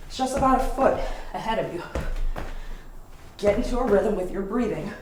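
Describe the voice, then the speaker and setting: A woman's voice: medium pitch, animated, moderate pace, recorded from a distance. A woman instructor calling out exercise cues while doing the workout herself, breathing hard as she moves. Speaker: fitness instructor. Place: home workout space. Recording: roomy, from off the mic, noisy.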